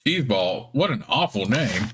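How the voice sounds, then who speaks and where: A man's voice: lowish voice, big pitch swings, normal speed, a bit bright, a little hiss or hum. Curious polite adventurer, asking questions, a man reading the lines, fantasy game dialogue.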